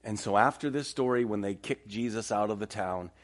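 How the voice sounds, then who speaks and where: Middle-aged male pastor, animated storytelling sermon, casual banter with the congregation. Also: lowish voice, brisk.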